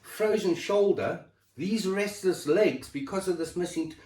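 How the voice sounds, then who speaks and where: A man with a high, darkish voice speaks unhurriedly, set back from the mic in an echoey room. He pours out his health struggles in a raw, emotional, sweary chat, his volume dropping suddenly at times.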